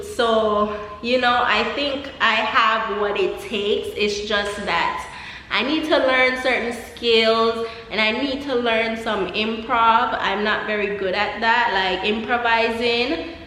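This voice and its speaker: This young Jamaican-accented woman vlogs casually from an empty apartment, laughing a lot and wandering off into asides. Her pitch is fairly high, her tone bright and forceful. The bare room gives the recording a noticeable echo.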